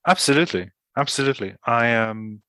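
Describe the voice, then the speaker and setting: A man's voice: mid-range voice, animated, brisk, sharp tone, smooth, no room sound. A man from Ireland, hosting a casual interview and talking thoughtfully with frequent hesitant restarts. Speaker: podcast host. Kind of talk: casual conversation.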